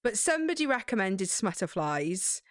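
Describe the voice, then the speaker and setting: A woman's voice: mid-range voice, very animated, normal speed, no echo, clean studio sound. A young woman co-hosting a casual podcast chat, playful and teasing, eagerly egging her friend on. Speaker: podcast co-host.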